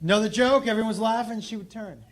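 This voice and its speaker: A male stand-up comedian telling a story to a live audience on a club stage, animated, dropping to quiet asides and rising to loud punchlines. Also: sits high, quick pace.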